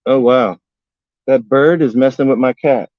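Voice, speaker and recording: A man's voice: medium pitch, a little slow, darkish tone, no echo, muffled recording. A man hosting a casual gardening livestream from his backyard, talking in a folksy, rambling way and cracking jokes with old sayings. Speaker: gardening vlogger and livestream host. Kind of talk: casual live-stream chat.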